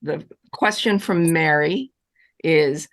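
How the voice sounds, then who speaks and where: During a live online Q&A, a relationship coach answers audience questions, her pitch swinging widely as she stresses each point. She speaks slowly, animated, emphatic and reassuring, returning again and again to the same comforting phrases.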